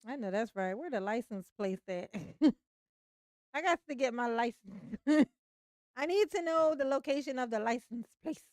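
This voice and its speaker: A woman hosting a loose livestream commentary in a slightly high voice, talking freely and swearing as she goes. She keeps breaking into laughter between remarks, and the recording is close and dry with no room sound. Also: expressive, normal speed, darkish tone, dry recording.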